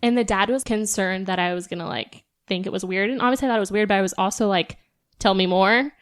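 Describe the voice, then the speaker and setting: Young woman, animated story retelling. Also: medium pitch, fast talker, dry recording, clean studio sound. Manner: animated retelling with lots of fillers. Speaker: podcast co-host. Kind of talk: casual podcast chat.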